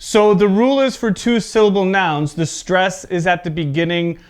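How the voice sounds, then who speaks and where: A man's voice: high-pitched, steady tone, moderate pace, smooth. A man teaching an English pronunciation lesson. He is patient, often checks in with "okay?", and exaggerates word stress in his examples.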